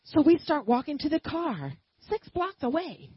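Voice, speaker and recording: A woman preaching a sermon and telling a personal story, swinging from quiet asides to loud emphatic bursts. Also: sits high, sing-song, normal speed, no echo, lo-fi sound.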